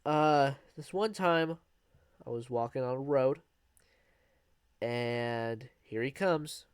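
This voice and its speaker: A man's voice: medium pitch, no room sound, studio quality. Young man rambling through a story. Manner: rambling, with fillers and restarts, laughing at himself. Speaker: vlogger. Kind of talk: casual storytelling.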